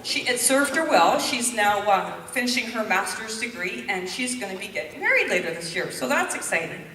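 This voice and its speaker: A woman's voice: a little high, very animated, normal speed, pushed and bright, a little hiss or hum. A woman in her fifties from Canada, a nurse and mother, telling a candid personal story to an audience at a public presentation. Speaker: public speaker. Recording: echoey hall, mic from a distance.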